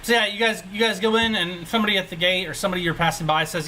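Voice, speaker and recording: A man narrating a tabletop game as game master, rambling and easygoing as he describes scenes. His voice is bright and a touch high for a man, with a light hiss of background noise. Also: fairly even intonation, racing, few pauses, rough recording. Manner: rambling, laid-back, self-mocking.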